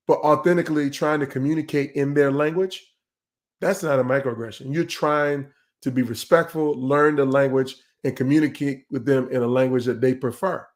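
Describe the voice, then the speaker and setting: A middle-aged man leads a live online leadership talk in a mid-range voice that is neither high nor low. His delivery is conversational and emphatic, and he sometimes doubles back on words as he presses a point. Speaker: leadership speaker hosting a live session.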